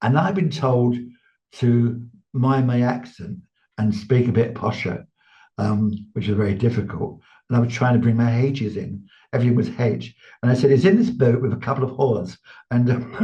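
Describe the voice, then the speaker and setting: An older English man, a medium, telling lively anecdotes in a casual interview and laughing often. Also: mid-range voice, measured pace. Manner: chatty storyteller, laughs often, lively quoted voices. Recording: slightly dull sound.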